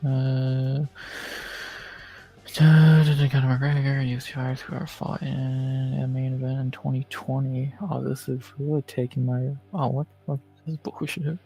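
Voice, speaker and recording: A man's voice: mid-range voice, flat delivery, normal speed, gravelly, mellow, breathy edge, faint music behind. A man streaming live, muttering and swearing casually as he plays through quizzes, saying he's losing his voice. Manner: mutters and swears at quiz questions.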